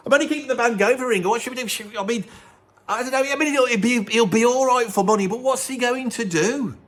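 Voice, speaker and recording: A man doing a fretful, high-voiced bandleader. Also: lively intonation, fast, a bit bright. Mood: panicky. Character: fretful young male bandleader, pleading.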